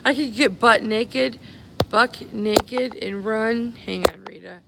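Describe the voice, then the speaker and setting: Stranded at an airport after a cancelled flight, a woman live-streams on her phone, chatting affectionately with followers and calling them babies and honey. Her voice is fairly high and slow, with vocal fry, over heavy background noise.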